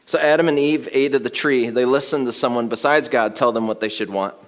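A man delivers a sermon with the relaxed tone of a chat. His voice sits at a medium pitch. At points it rises into loud, excited emphasis broken up by laughter. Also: brisk. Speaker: pastor.

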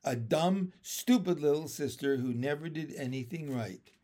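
A man's voice: a little high, normal speed. Man reading a children's book aloud. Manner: expressive, lively storytelling. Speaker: reader.

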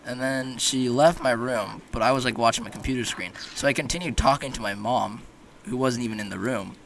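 A man's voice: mid-range voice, fairly quick, creaky, a bit bright, slight background noise. A young man hosting a casual podcast chat, rambling and joking with frequent laughter. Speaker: podcast host.

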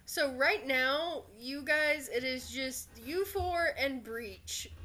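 Slow, bright-voiced woman game master. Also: sits high. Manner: slow, relaxed narration with many fillers. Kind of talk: narrating a tabletop game.

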